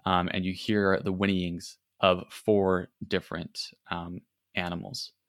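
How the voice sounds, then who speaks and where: A man's voice: deep voice, level tone, measured pace, no room sound, clean studio sound. A man narrating a tabletop game as game master, casual, with frequent ums and restarts.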